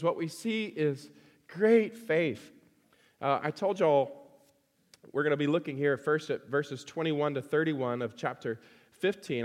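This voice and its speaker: A man's voice: a little high, long reverb tail. A man preaching a sermon to his congregation, emphatic and fond of repeating phrases for stress.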